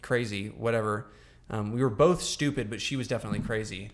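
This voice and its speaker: A man's voice: on the low side, a little fast. A young man co-hosting a podcast, talking casually and rambling with lots of fillers and restarts. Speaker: podcast co-host. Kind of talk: casual chat.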